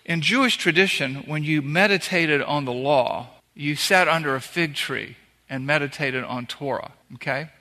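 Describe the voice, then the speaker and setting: Male pastor, conversational sermon delivery, emphatic repetitions, bright tone. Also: a little high, normal speed. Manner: conversational preaching, walking through scripture verse by verse. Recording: long reverb of a large hall.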